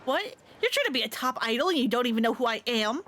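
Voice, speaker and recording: A haughty young female idol sneers and boasts in a raised, bossy voice, put on by a woman reading game dialogue aloud. She talks down to everyone, loud and snide, a touch high in pitch, with faint noise under the recording. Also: lively intonation, fast. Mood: scornful.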